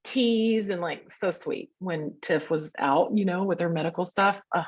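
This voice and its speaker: A woman's voice: on the low side, measured pace, slightly rough. Woman teaching casually over a dull call line. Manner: chatty, warm asides, sounds out grunts and hums. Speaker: workshop teacher.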